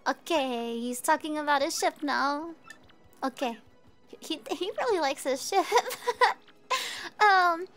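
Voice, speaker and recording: A woman streamer chatting casually with viewers while she plays a game, bubbly and quick to giggle. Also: high voice, soft background music. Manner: bubbly, giggly, easily excited. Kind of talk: casual gameplay chat.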